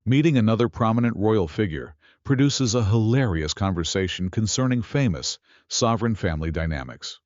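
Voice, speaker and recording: Scripted male narrator, lowish voice, dull muffled track. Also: expressive, brisk, hardly any pauses, a little mellow, dry recording. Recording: muffled lo-fi audio.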